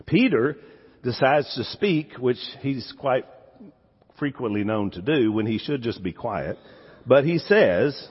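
A man with a Southern US accent delivers a sermon in a lively, sweeping voice that rises for emphasis and drops to quiet asides. His tone is a touch husky. The sound is dull, with a long reverb trailing through a big hall. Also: mid-range voice, moderate pace. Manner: animated, swings from loud emphasis to quiet asides. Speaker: pastor.

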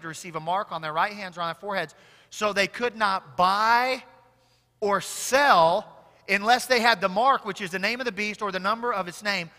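A male pastor with a high, bright, ringing voice. He preaches in a church sanctuary, rising to loud emphatic peaks and then dropping to hushed asides. The voice trails off into a long hall reverb. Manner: swings from loud emphatic declarations to quiet intimate asides. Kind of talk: sermon.

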